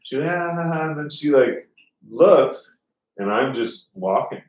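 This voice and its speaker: A man's voice: a little high, animated, takes it slowly, a little mellow. A man telling a rambling story in casual chat, swearing a lot and acting out other people's lines. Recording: roomy sound from a distance.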